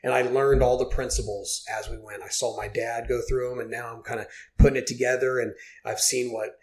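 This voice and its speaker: A man's voice: mid-range voice, flat delivery, brisk, a little hiss or hum. A man in his forties from Oklahoma, a podcast guest telling his story in an earnest, heartfelt way, with lots of fillers. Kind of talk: casual podcast interview.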